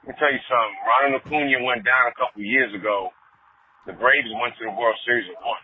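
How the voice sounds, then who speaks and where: Man in his forties, husky voice, tinny phone line, angry sports rant, swearing. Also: mid-range voice, fast talker. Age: 40s. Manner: heated, swearing, rising to loud outbursts. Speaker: caller.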